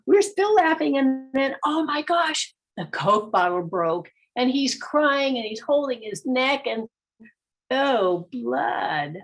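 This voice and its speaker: An older woman telling a childhood story aloud at a storytelling gathering, lively and exclaiming in sudden high bursts. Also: slow, low-quality recording. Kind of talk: live oral storytelling.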